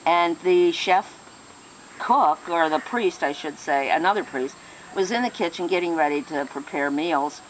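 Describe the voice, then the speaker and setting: A woman casually telling a joke, animated and correcting herself as she goes. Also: lowish voice, measured pace, a little hiss or hum, rough recording. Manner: animated storyteller, self-correcting. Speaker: joke teller.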